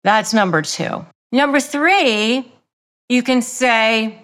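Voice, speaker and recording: A woman hosting a self-help podcast, talking straight to the listener in a deliberate way and repeating key phrases for emphasis. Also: on the high side, fairly bright tone. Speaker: podcast host. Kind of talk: self-help advice monologue.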